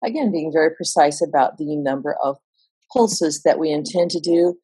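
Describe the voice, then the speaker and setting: Woman, vocal coach, low voice, relaxed explanatory tone. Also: normal speed, breathy edge. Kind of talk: instructional voice lesson.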